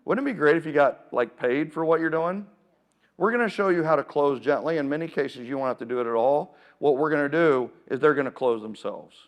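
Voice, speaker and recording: A man giving a keynote talk at a live seminar, energetic and playful, calling out to the audience and getting them to join in. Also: a little high, brisk. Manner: energetic, playful, calls out to the crowd. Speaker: keynote speaker. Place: event room with a live audience.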